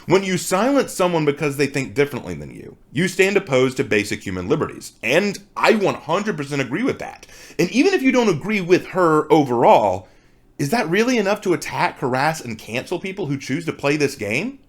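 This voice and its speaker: A man's voice: a little high, sing-song, brisk. A man giving a conversational response commentary, rebutting points and asking rhetorical questions. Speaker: commentary video creator.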